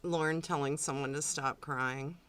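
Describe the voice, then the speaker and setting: A woman co-hosting a podcast, reacting to a recorded call in a sarcastic, expressive way. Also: sits low, moderate pace. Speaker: podcast co-host.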